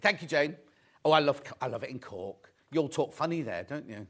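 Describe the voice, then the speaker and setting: Middle-aged male host from England, chatty and upbeat, slightly high-pitched, pushing deals on a live shopping show. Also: moderate pace, fairly bright tone. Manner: chatty, upbeat salesman patter, reads viewer messages. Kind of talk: live sales presentation.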